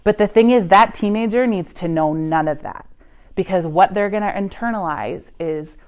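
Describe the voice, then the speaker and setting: A woman's voice: mid-range voice, normal speed. A woman who is a student pastor, teaching parents in a church class in an earnest, coaching way and often checking in with "right?".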